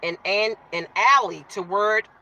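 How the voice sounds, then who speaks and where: A woman's voice: mid-range voice, a little slow, bright, forceful tone, lo-fi sound. A woman hosting a casual live stream, chatting with viewers, greeting them by name and talking while she eats.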